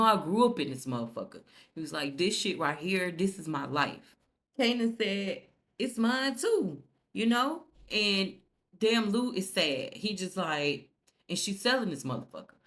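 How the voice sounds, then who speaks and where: A woman's voice: fairly low pitch, fairly bright tone. A woman recapping a TV episode in a sassy, profane, chatty way, retelling scenes through quoted dialogue. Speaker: TV recap vlogger. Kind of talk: casual recap narration.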